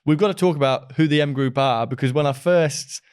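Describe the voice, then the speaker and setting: A man's voice: fairly high pitch, a little fast, a little mellow, smooth. A man from the Midlands hosting an interview podcast, chatty and enthusiastic, often laughing. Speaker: podcast host. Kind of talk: casual interview chat.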